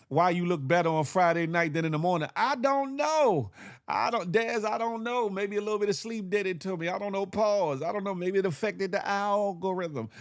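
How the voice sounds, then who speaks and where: A man hosting a casual livestream, shouting out viewers by name in slangy, animated talk with lots of repeated phrases and "huh?". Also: high-pitched. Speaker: livestream host.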